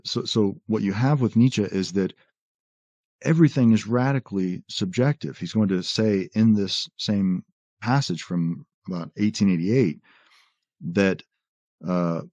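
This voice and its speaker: A man explaining philosophy in a conversational lecture, quoting texts and often pausing on "uh" and "right?". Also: fairly low pitch, no echo, dull audio. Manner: animated explainer, quotes texts, frequent "uh" and "right?". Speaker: podcast guest explaining philosophy.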